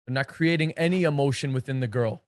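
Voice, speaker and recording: A man's voice: mid-range voice, fast talker, dry recording. Blunt, emphatic male dating coach. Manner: emphatic, blunt and profane, with punchy repetition. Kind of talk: energetic coaching talk.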